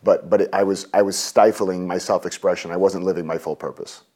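A man in his forties, a guest on an interview show, telling a personal story in a lively way and acting out what people said. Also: brisk. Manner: lively, acts out quotes with raised pitch.

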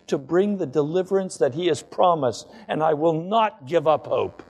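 A man's voice: a little high, expressive, moderate pace, few pauses, darkish tone. Impassioned man preaching. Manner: impassioned preaching, rising to fervent declarations. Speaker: pastor. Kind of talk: sermon.

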